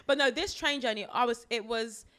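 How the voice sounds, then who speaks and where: A young woman from England, telling a story in a casual podcast chat, animated and laughing as she mimics people. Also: a little high, normal speed. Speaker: podcast co-host. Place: podcast studio.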